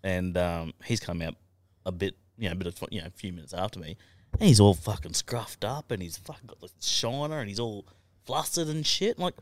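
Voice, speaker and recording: A man's voice: low-pitched, fairly quick, no echo. A young Australian man on a podcast, telling stories in a casual chat. He swears constantly and laughs through his stories. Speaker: podcast guest.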